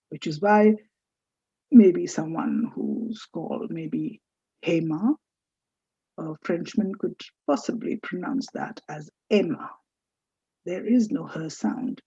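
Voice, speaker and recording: Slow, mellow woman teacher. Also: medium pitch, slightly rough, no room sound. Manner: slow, patient, repeats words for learners to copy. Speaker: French teacher. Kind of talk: recorded language lesson. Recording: dull lo-fi dry recording.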